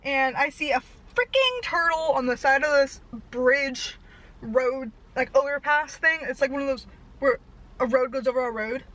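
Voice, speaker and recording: A young woman vlogger telling a rambling story fast and out of breath, laughing at herself. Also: sits high, animated, a bit bright, poor audio. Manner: breathless, fast-talking, self-deprecating.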